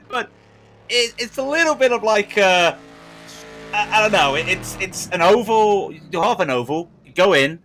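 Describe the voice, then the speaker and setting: Man, sim-race co-commentator, bright tense voice, lively pitch, faint music behind. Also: moderate pace. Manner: animated, stumbling over words. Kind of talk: live sim-racing commentary.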